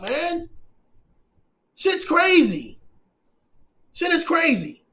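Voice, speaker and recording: Guy running his own talk channel, fairly high voice, preachy and emphatic, swears a lot. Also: normal speed, a bit bright. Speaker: channel host. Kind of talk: casual commentary.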